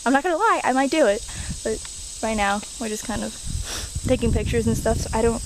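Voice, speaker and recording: A woman's voice: fairly high pitch, brisk, noisy background. A young woman vlogging outdoors on a handheld camera, chatting to viewers in a rambling, giggly, self-deprecating way. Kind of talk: casual chat to camera. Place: outdoors in nature.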